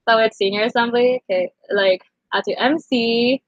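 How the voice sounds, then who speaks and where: A woman's voice: fairly high pitch, moderate pace, no echo, dull audio. A young woman in her late teens rambling emotionally through a casual storytime vlog, full of fillers. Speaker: vlogger.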